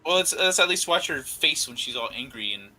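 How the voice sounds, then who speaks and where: Brief: man guest, very bright cutting tone, slightly high, blunt. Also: expressive, fairly quick, poor audio. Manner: blunt, mocking. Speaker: panel guest. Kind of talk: casual live stream chat.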